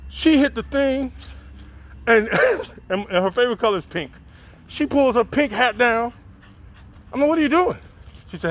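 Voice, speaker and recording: High-voiced man telling a story. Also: normal speed, a little hiss or hum. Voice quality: profane, animated. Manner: acts out dialogue, rises in excitement. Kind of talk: spoken word storytelling.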